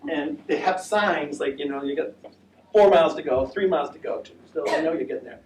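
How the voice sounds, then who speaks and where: A man's voice: on the high side, brisk, a little mellow. American man, casual talk presenter, rambling and friendly delivery; roomy sound, faint noise, distant mic. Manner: chatty, rambling, with many fillers and restarts. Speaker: presenter of a walking trip talk. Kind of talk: casual presentation with audience questions. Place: senior center room.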